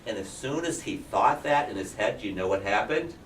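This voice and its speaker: A man's voice: on the low side, animated, brisk, slight background noise. A male kindergarten teacher animatedly telling a picture-book story to young children, often asking them questions. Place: classroom. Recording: roomy classroom from a distance.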